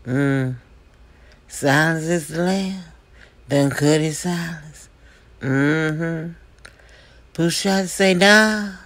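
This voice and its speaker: A gossip show host, delivering comedic gossip commentary full of sassy, drawn-out hums and knowing mm-hmms. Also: medium pitch.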